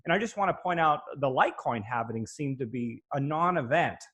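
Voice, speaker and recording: A man's voice: medium pitch, animated, fairly quick, fairly bright tone, breathy edge. A man hosting an interview, asking questions hesitantly as he thinks aloud. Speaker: interview host. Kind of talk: conversational interview.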